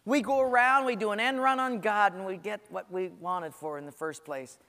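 A man's voice: sits high, moderate pace, sharp tone, in a large hall. A man preaching a sermon, telling stories with humor and acting out the voices of people praying and complaining. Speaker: pastor.

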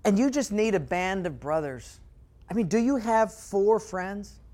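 A man preaching a sermon as pastor, telling stories with animation and dropping to quiet emphasis. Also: sits high, expressive, measured pace.

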